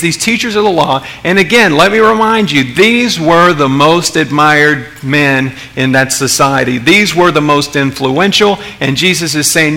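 A man's voice: a little high, normal speed, hardly any pauses, bright, forceful tone. A man preaching a sermon in a conversational way, with many restarts and questions to his audience. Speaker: pastor.

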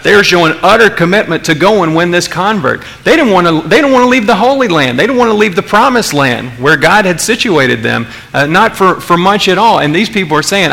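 A man's voice: on the high side, vocal fry, pushed and bright. A man preaching a sermon as pastor, emphatic, asking the congregation rhetorical questions and often repeating words as he restarts.

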